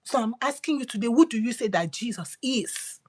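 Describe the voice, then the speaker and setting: A woman preaching a devotional sermon, repeating phrases emphatically and swinging from loud declarations to hushed whispers. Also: a little high, lively intonation, fairly quick, breathy edge.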